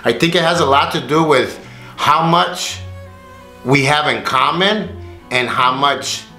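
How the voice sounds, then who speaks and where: A young man co-hosting a vlog in casual chat, relaxed and affectionate, teasing and asking follow-up questions. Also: fairly high pitch, unhurried. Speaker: vlog co-host. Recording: echoey room with faint music.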